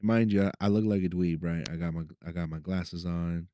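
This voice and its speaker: A man's voice: sits low, fairly even intonation, fairly quick, mellow. A man hosting a podcast, telling a personal story in a profane, conversational way and often asking "right?". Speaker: podcast host. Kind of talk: casual storytelling. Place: city of Los Angeles.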